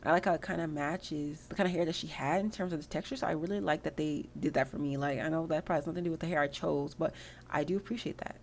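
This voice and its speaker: Young woman, casual gameplay commentary; rapid, slangy, a bit of gravel in a lowish voice. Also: fairly even intonation, a little mellow, a little hiss or hum. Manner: slangy, chatty, swears freely. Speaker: gameplay video host.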